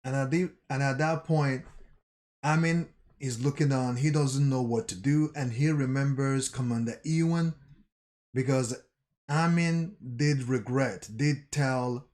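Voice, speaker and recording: Man, channel host, manga recap, slow unhurried pace, halting, restarts. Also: mid-range voice, a little mellow. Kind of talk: reading and recapping a manga chapter.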